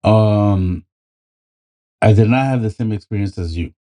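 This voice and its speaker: A man's voice: fairly low pitch, a little slow, warm tone. A man co-hosting a podcast in casual chat, rambling with many ums and swearing freely. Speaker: podcast co-host.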